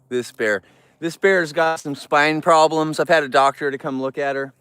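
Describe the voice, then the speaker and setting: A man hosting a casual live stream among bears, talking in a relaxed, rambling way and thanking viewers in chat. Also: moderate pace, clean tone, no echo. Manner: cooing baby talk to the bears, squealing high. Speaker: livestream host with bears.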